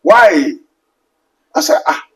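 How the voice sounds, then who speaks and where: A man's voice: high voice, very animated, slow, fairly bright tone, rough recording. A man with a Ghanaian English accent preaching a sermon, quoting scripture and asking rhetorical questions emphatically. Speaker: pastor.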